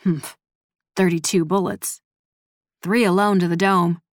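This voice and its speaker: A woman's voice: on the low side, fairly even intonation, measured pace, dry recording, clean studio sound, lightly acted. A woman narrator voicing a teenage boy who talks casually and bluntly in slang.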